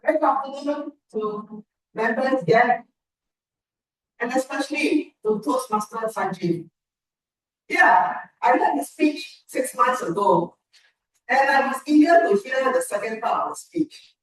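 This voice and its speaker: A woman giving a measured, encouraging speech evaluation at a club meeting. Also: sits high, lively intonation. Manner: measured, encouraging feedback with pauses. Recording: echoey room from far off.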